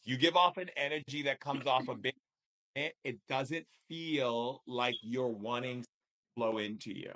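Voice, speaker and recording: A man's voice: medium pitch, a little slow, a bit bright. A man leading a live spiritual coaching session as a shamanic teacher, emphatic and repetitive, with pointed rhetorical questions.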